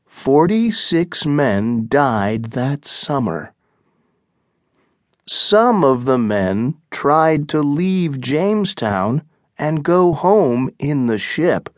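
Slow, deliberate male audiobook narrator. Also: mid-range voice, dry recording, clean studio sound. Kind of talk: scripted narration.

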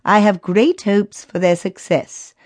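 A woman voicing an eager, hopeful female council member who speaks excitedly. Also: mid-range voice, unhurried, no echo, studio quality, lightly acted.

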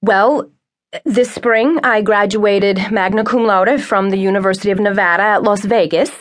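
A woman's voice: mid-range voice, normal speed, lightly acted. A woman narrator voicing an eager, earnest young woman pleading her case in a job interview. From Brooklyn, New York.

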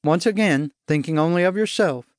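A man's voice: a little high, moderate pace, no echo, clean studio sound, voice pushed up, natural voice. A male audiobook narrator voicing a fussy, fretful woman who chides and frets in a raised, lighter voice. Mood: chiding. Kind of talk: audiobook character voice. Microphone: studio mic.

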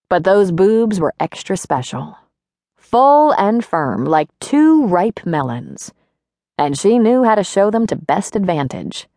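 A woman narrating an audiobook in an expressive, wry storytelling manner. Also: fairly low pitch, dry recording, studio quality. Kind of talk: scripted narration.

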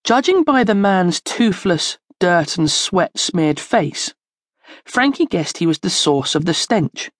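A woman narrating a children's storybook in a slow, expressive storytelling manner, close to the mic. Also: fairly low pitch, no room sound. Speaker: audiobook narrator.

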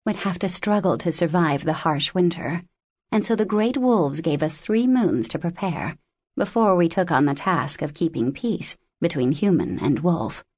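A woman narrates a fantasy audiobook in a lower, measured voice with expressive storytelling. The studio sound is close and dry, with no room around her. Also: husky, no room sound. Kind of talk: scripted narration.

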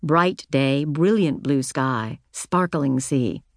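A woman narrates first-person audiobook fiction from a script, her voice low and steady. Her reading is measured and reflective, with close studio sound and no echo.

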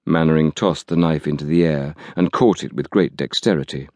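A man reading an audiobook thriller aloud in a measured, dramatic storytelling manner. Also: a bass voice, a little mellow, dry recording. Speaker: audiobook narrator. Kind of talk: scripted narration.

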